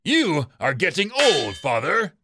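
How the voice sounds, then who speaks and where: A man's voice: on the high side, wildly swooping pitch, takes it slowly, loud music behind the voice, pitched above the performer's own voice, heavily acted. A man voicing a resolute young male fox warrior who vows revenge, read in a storybook. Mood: defiant. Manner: firm, defiant declarations.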